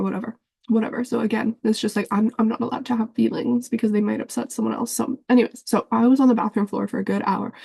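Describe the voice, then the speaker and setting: Husky, gravelly young woman vlogging candidly. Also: fairly high pitch, mellow, dry recording, studio quality. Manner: rambling, filler-heavy, frequent swearing. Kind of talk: candid confessional vlog.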